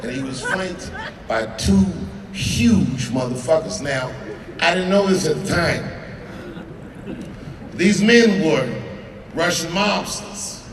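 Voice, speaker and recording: A man in his forties doing profane, conversational stand-up storytelling with dramatic pauses, on stage in a large outdoor amphitheater. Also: a little high, lively intonation, noisy background. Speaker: stand-up comedian. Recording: distant, echoing amphitheater sound with crowd.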